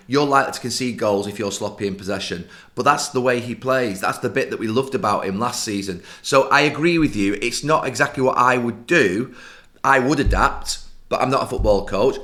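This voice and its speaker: A middle-aged man with a mid-range, fairly bright voice co-hosts a football podcast as a pundit. In a casual football discussion, he explains tactics firmly and at length.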